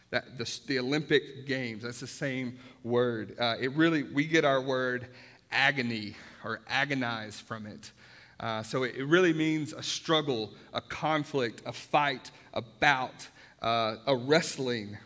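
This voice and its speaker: A man with a medium-pitched, fairly bright voice preaches as a pastor in a church sanctuary, with long hall reverb on the recording. His sermon is conversational, full of rhetorical questions and joking asides.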